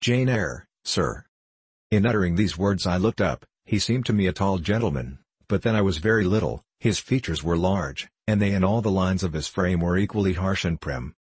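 A man narrating a classic novel in a measured, formal reading. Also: sits low, darkish tone, slightly rough, no room sound. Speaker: audiobook narrator.

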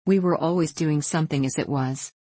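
A woman's voice: low voice, fairly quick, warm tone, breathy edge, no echo. A woman reading an audiobook voices a fussy, boastful older aunt who rambles on self-importantly.

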